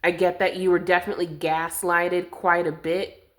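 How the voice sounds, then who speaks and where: A woman's voice: lowish voice, level tone, fairly bright tone. A woman doing a collective tarot reading to camera, soothing and affectionate, a little winded. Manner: slow, soothing and affectionate, calls viewers loves and darling. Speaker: tarot reader.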